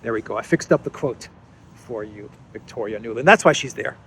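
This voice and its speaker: A man's voice: medium pitch, lively intonation, fairly quick, fairly bright tone, slight background noise. A man hosting a casual news commentary, talking in a sarcastic, mocking way with frequent hesitations and fillers. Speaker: host of a political commentary channel.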